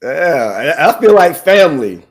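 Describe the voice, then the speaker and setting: A man's voice: on the high side, very animated, unhurried, crowd noise. A man hosting a live online show, casual and upbeat, often restarting and saying "man". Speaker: livestream host.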